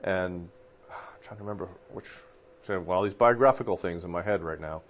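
A pastor with a fairly low voice talks theology in a loose, conversational way. He wanders, backtracks and fixes his own details as he goes, keeping it unhurried and informal. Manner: relaxed, rambling, with fillers and self-corrections. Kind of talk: casual theological discussion.

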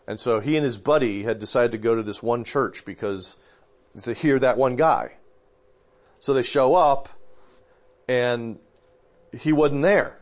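A man, a pastor, talking through theology in a casual discussion, rambling a little and correcting himself as he remembers. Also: mid-range voice. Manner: relaxed, rambling, with fillers and self-corrections.

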